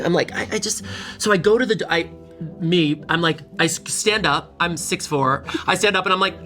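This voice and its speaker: A man talking as a guest in a casual chat, telling stories in an animated way and laughing often. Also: high-pitched, normal speed, soft background music.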